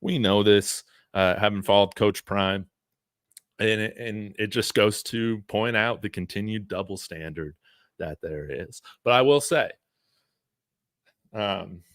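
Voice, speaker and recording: A man's voice: fairly low pitch, no echo, studio quality. A man hosting a live sports stream, chatting casually, reading viewer messages and rambling with fillers. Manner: relaxed, rambling, frequent fillers and chuckles. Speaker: sports channel host.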